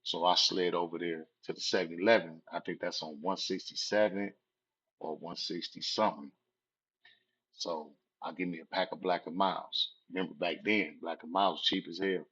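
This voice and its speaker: A man's voice: sits low, steady tone, moderate pace, fairly bright tone, a little hiss or hum. A man, casually telling a personal story in laid-back street slang. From Southern California. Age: 40s. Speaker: vlogger. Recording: dull lo-fi recording.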